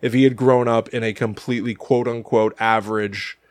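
A man co-hosting a podcast, chatting casually about a horror film with sarcastic, deadpan humor. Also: mid-range voice, brisk, no echo. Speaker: podcast co-host. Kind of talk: casual film review chat.

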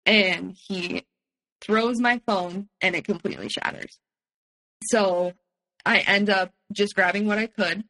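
A woman speaks as a podcast guest with a bright, forward tone. She recounts events from her own life candidly and steadily, often pausing on "um" before pressing on. Her pitch sits at an ordinary middle height for a woman. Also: poor audio. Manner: candid, steady retelling with frequent um fillers. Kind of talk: personal testimony in conversation.

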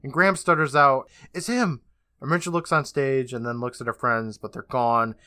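Man, podcast host, casual sarcastic recap, profane, bright voice, dry close mic. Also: mid-range voice, a little fast, clean tone, no room sound. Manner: loose, profane, sarcastic retelling.

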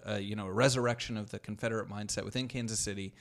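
A man's voice: lowish voice, fairly even intonation, racing. A man in casual podcast chat, explaining history at length with many "uh"s and restarts. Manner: rambling explanations full of "uh" and restarts.

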